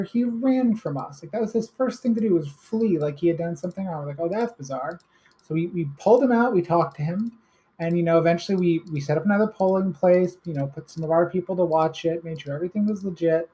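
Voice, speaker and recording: Low, mellow woman player. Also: fairly quick, rough recording. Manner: rambling recap with fillers. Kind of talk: tabletop game play.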